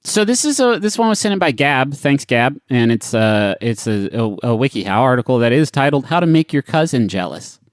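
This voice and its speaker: A man's voice: mid-range voice, big pitch swings, fairly quick, hardly any pauses, no echo, studio quality. A man co-hosting a comedy podcast, reading web articles aloud and riffing on them with crude jokes. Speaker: podcast co-host.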